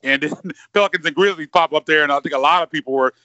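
A man's voice: on the high side, quick pace, pushed and bright, no room sound, highs cut off. A man co-hosting a sports podcast, rambling and repeating words as he thinks aloud. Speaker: podcast co-host. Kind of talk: casual sports podcast chat.

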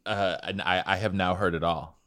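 A man's voice: deep voice, steady tone, normal speed, a bit bright, no room sound, studio quality. A man hosting a casual sports podcast in a joking way. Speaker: podcast host.

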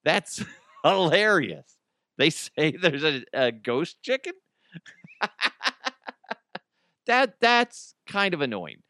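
Male solo podcast host, a touch high, bright and forceful, dry close mic, riffs on news with jokes. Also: takes it slowly, long pauses, no room sound. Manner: animated, joking, reads news items aloud and riffs on them.

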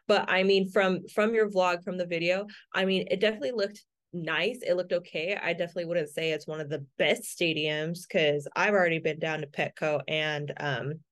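A woman from California co-hosting a podcast in casual banter, her voice sitting somewhat low. She is blunt and laughs often, and she swears casually as she talks. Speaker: podcast co-host.

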